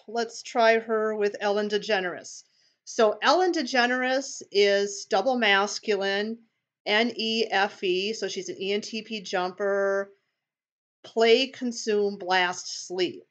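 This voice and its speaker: A woman commentating on video clips, thinking aloud in a tentative, questioning way. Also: mid-range voice. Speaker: personality-typing commentator.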